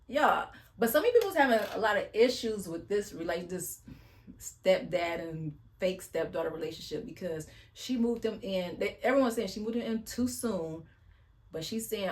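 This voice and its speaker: Woman vlogger, mid-pitched, casual and blunt, slangy storytelling recap. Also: lively intonation, moderate pace. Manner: chatty, blunt, slangy retelling with sighs.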